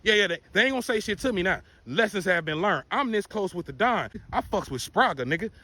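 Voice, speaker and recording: A man telling a profane, animated personal story in casual storytime style. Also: high voice, fast, dry recording.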